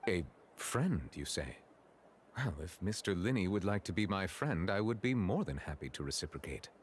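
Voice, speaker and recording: A deep, courteous chief justice. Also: male voice, big pitch swings, slight background noise. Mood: formal. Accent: French. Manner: stiffly polite and measured.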